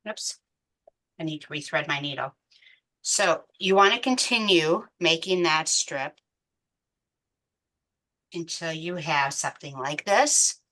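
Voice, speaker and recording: A woman with a low but bright voice walks a class through a beading pattern. She speaks slowly and counts each bead out loud with patience. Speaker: beading instructor. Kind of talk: step-by-step craft tutorial.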